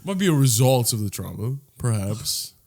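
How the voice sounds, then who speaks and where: Laughing, animated young man. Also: mid-range voice, normal speed, creaky. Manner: joking, laughs often, mock-earnest. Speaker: podcast co-host. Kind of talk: casual chat.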